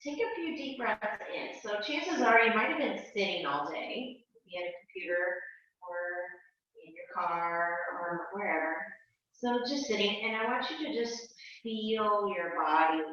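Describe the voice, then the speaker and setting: A woman teaching a yoga and Pilates class, calmly talking students through each breath and movement. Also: mid-range voice. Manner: calm, slow cueing of breath and movement. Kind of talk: guided exercise instruction. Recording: distant, echoey and dull.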